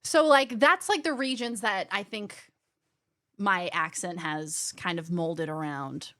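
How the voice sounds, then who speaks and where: Lowish and slow, the voice belongs to a young woman from Illinois with a slight Midwestern and West Coast accent mix. Casually live streaming, she reads chat aloud, laughs easily, and swears casually, recorded cleanly with no echo.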